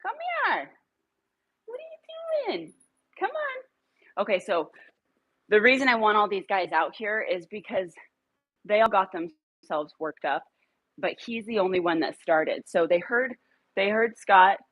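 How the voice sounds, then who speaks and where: A woman who trains dogs, talking casually on a live stream from her home, rambling between points and calling her dogs in a high coaxing voice. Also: measured pace, fairly bright tone, no echo, poor audio. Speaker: dog trainer. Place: home room with a computer.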